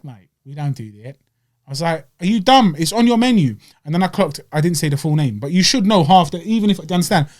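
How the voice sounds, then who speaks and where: A young man, co-hosting a podcast and telling stories with animated, slangy energy. His voice sits a little high. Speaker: podcast co-host. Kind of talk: casual chat.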